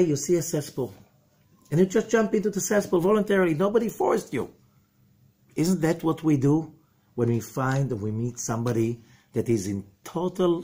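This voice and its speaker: A man's voice: medium pitch, slightly rough. A man giving a spoken Torah lesson, full of rhetorical questions and acted-out exchanges. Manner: animated, rhetorical questions, mock dialogue. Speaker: rabbi teaching Zohar.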